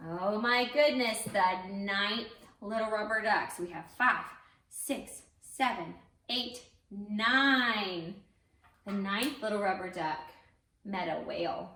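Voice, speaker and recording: A young woman with a mid-range voice leads an interactive baby story time, speaking slowly in a pushed, bright, sing-song way to coax the babies and their grown-ups to join in. She's a teaching artist, recorded off-mic in a roomy space with a faint hiss or hum.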